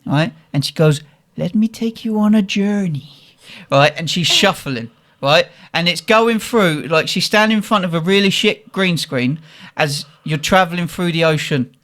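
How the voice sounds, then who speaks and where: A young man, co-hosting a podcast and telling a lively, profane story about a night out. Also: on the high side, normal speed, hardly any pauses. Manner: animated, swears freely, quotes people in the story. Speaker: podcast co-host. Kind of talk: casual storytelling.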